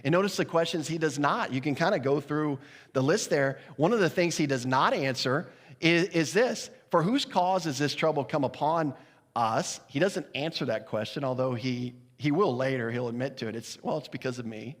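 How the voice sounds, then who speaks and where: A man preaching a sermon as pastor, lively and conversational, briefly acting out the voices of the characters in his story. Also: a little high, normal speed. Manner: animated, acts out the sailors' voices with laughs. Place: church sanctuary. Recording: long hall reverb.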